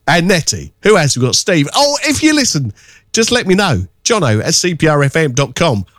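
Male radio presenter with cheeky, teasing chat; very animated pitch. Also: normal speed, no room sound, clean studio sound. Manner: cheeky, teasing, self-mocking. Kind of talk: casual radio chat with shout-outs.

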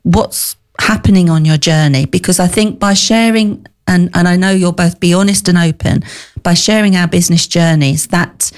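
A woman's voice: lowish voice, moderate pace. A middle-aged woman hosting a business talk show, chatty with lots of fillers. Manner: chatty, warm laughs, many fillers. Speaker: podcast host. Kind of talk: casual chat.

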